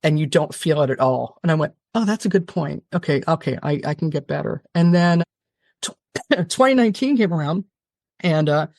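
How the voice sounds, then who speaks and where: A woman guest on an interview podcast, telling a long story in an animated, fast-talking way, often restarting her sentences. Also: low voice, gravelly, no room sound, clean studio sound. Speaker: television producer, guest.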